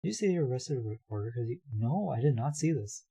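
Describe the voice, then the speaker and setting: Young guy streaming, kinda hoarse, mellow husky voice, just chatting w chat. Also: medium pitch, expressive, quick pace. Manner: chatty, reads chat aloud, laughs often. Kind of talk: casual live-stream chat.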